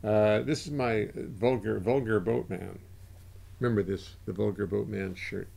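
A man's voice: fairly low pitch, a little slow, vocal fry, a little mellow. An older man hosting a livestream in casual chat, rambling and interrupting himself as he goes. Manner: rambling, self-interrupting, chatty. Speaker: livestream host.

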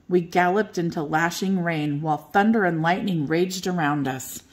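A woman's voice: on the low side, moderate pace, few pauses. Older woman reading a bedtime story.

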